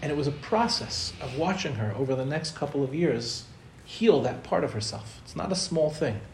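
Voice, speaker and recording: A man's voice: fairly high pitch, lively intonation, normal speed, darkish tone, a little hiss or hum. A man giving a spiritual talk to an audience, conversational and storytelling, acting out the people he quotes. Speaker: Torah teacher. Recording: roomy echo, faint ambience.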